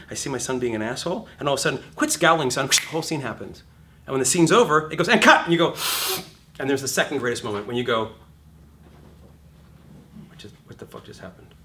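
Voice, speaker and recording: A man's voice: medium pitch, fairly bright tone, recorded from a distance, slight background noise. A man teaching an acting class, talking animatedly, swearing freely and acting out little scenes in put-on voices.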